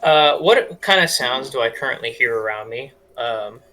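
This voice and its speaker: A young man casually playing a tabletop game, goofy and relaxed, with a mid-range voice. He talks in a loose, easy way. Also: mid-range voice, normal speed, a little hiss or hum. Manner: laid-back, goofy. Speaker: player.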